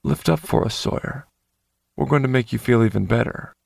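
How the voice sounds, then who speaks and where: A man doing a calm, commanding dom lover. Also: creaky, slightly rough, dry recording, studio quality. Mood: calm, coaxing. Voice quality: low, sexy, soothing. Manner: gentle authority, unhurried.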